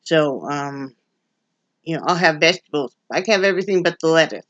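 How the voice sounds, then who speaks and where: A woman's voice: deep voice, a little fast, dry recording. Chatty, rambling woman from Wyoming. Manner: rambling, chatty, restarts sentences. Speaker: vlogger. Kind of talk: casual home chat. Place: at home, indoors.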